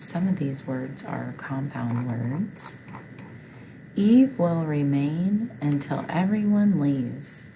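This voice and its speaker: A woman's voice: sits low, gravelly, background noise. A woman teaching a phonics lesson, patiently reading word lists and spelling words out, asking listeners to repeat after her.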